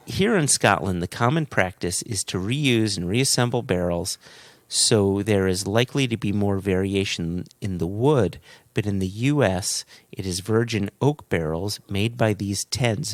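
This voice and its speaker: A man's voice: lowish voice, moderate pace, no room sound. Chatty man reading emails aloud. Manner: chatty, laughs through his reading. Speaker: podcast co-host. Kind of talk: casual chat, reading listener emails aloud.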